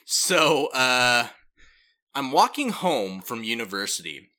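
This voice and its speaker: A man's voice: medium pitch, sing-song, takes it slowly, pushed and bright. A young man from Canada, chatting casually as a podcast co-host and telling a story with plenty of fillers and casual swearing.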